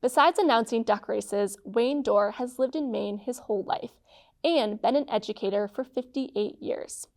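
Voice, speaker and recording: A woman hosting and narrating a scripted explainer, with a clear, measured delivery. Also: fairly high pitch, a little mellow. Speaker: host.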